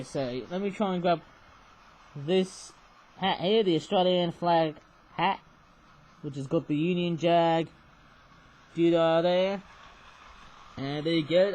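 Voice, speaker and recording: A man's voice: fairly high pitch, measured pace, pauses often, a little mellow, rough recording. A man rambling casually through a toy review, peppering his talk with little exclamations and tag questions. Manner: rambling, chatty, frequent "oh my goodness me" and "eh?".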